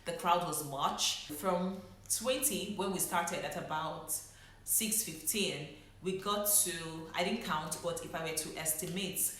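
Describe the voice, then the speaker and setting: A woman's voice: fairly low pitch, unhurried, fairly bright tone, slight background noise. A young woman, a doctor, telling her own story in a reflective way and holding back emotion. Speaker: medical doctor. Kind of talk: personal vlog storytelling. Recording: very echoey room.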